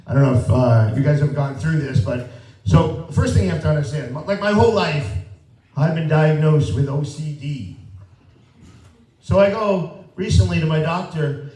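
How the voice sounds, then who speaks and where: Self-deprecating stand-up comedian, roomy venue. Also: male voice, on the high side, normal speed. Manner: self-deprecating, conversational, animated when quoting himself. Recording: roomy live venue, mic heard from a distance. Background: audience laughter.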